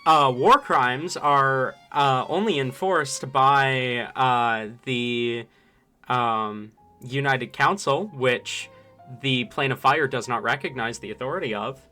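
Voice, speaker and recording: Slow, bright-voiced male game master. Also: medium pitch, soft background music. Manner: unhurried, meandering narration. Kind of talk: narrating a tabletop game.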